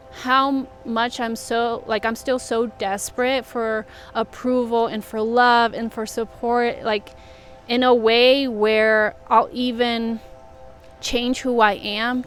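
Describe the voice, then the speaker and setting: A young woman talking candidly and reflectively about her own life, rambling a little with fillers. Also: fairly high pitch. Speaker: vlogger and coach. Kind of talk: personal confessional talk.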